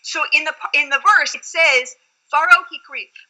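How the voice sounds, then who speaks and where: A woman's voice: high-pitched, normal speed, pushed and bright, poor audio. A woman rabbi explaining scripture in an earnest, reflective teaching tone during a study conversation.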